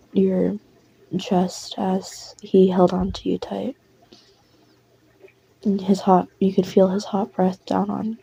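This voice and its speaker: Casting: young woman narrating listener role-play, gravelly, dark, rambling and casual. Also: medium pitch, dull audio. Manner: casual, rambling, frequent fillers and swearing.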